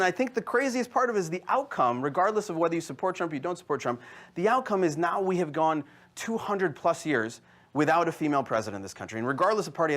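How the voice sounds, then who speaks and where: A man in his thirties doing a stand-up comedy set before a live audience, telling stories with quoted voices and asides to the crowd. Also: fairly high pitch. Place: live venue with audience laughter.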